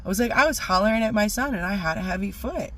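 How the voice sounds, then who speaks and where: A middle-aged woman telling a rambling personal story in a casual vlog, animated and full of fillers. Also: mid-range voice, fast talker, slight background noise. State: teary-eyed. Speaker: vlogger.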